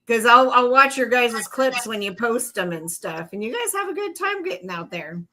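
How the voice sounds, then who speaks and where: A woman's voice: fairly high pitch, expressive, moderate pace, sharp tone, poor audio. A woman from North Carolina, co-hosting a podcast, giggly and upbeat as she reads viewer comments. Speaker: podcast co-host. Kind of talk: casual chat.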